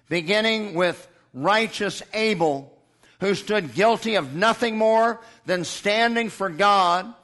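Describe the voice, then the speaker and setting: Fiery high-voiced preacher man. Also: a bit bright. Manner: fiery, indignant preaching with rising repeated refrains. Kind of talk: sermon.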